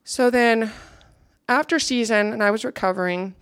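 A woman's voice: fairly high pitch, normal speed, fairly bright tone, clean tone, no echo, clean studio sound. A young woman giving an earnest, reflective personal testimony to a gathering, now and then checking her notes.

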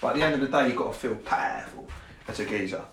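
A man's voice: fairly low pitch, fast talker, vocal fry, heavy background noise. A young man, a coach, talking casually and bluntly on a podcast, swearing and joking at his own lines. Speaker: fitness and confidence coach. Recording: echoey room.

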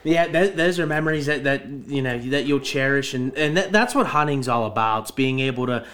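A man's voice: medium pitch, a little fast, fairly bright tone. A man hosting a casual hunting podcast chat, rambling and restarting his sentences. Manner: rambling, repeats words as he restarts.

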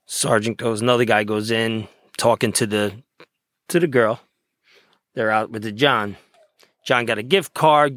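A man's voice: lowish voice, a bit bright, no room sound, studio quality. A man, a police detective from New Jersey, telling a story in short clipped phrases as a podcast guest. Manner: choppy clipped phrases, laughing through stories. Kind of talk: casual storytelling.

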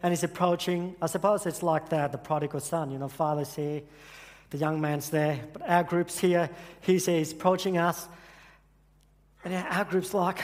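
A man's voice: a little high, steady tone. A man giving an earnest sermon at church, telling a personal story and often restarting his sentences. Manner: earnest, halting with repeated restarts. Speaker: church speaker. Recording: echoey hall with long reverb.

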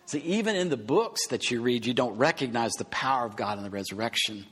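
Husky-voiced man preaching in a reverberant hall. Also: mid-range voice, expressive, brisk, a bit bright. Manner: emphatic teaching with rhetorical questions. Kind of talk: sermon.

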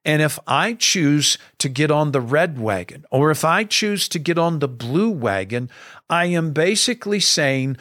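Middle-aged male pastor, slightly high voice, earnest and emphatic, podcast talk, dry close mic. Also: lively intonation, a little slow, a bit bright, dry recording. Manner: earnest and emphatic, preacher cadence.

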